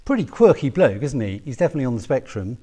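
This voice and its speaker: A man preaching a sermon, earnest and personal, rising to emphatic peaks and dropping to soft, quiet asks. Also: medium pitch, big pitch swings, fast, slightly rough.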